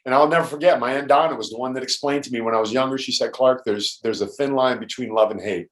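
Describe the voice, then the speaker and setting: A man's voice: mid-range voice, fast, a bit bright. A man in his fifties, a podcast guest, telling a personal story in an emphatic, blunt way and swearing freely. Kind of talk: casual storytelling in conversation. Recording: roomy echo.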